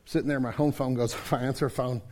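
A man preaching a sermon as pastor, folksy and conversational, swinging between hushed and loud passages. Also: mid-range voice, fairly even intonation, fast.

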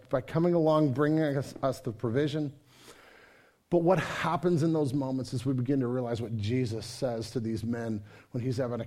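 Male pastor, sermon delivery, builds loud then drops quiet. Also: mid-range voice. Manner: dynamic preaching, swings from loud to soft.

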